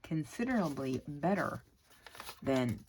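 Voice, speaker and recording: A woman with a notably low voice chats her way through a crafting video, rambling, gushing and exclaiming while she works. Her talk is loose and homey, recorded with a faint hum of background noise. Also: very animated, takes it slowly, darkish tone, low-quality recording. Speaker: crafting channel host. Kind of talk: chatty crafting vlog.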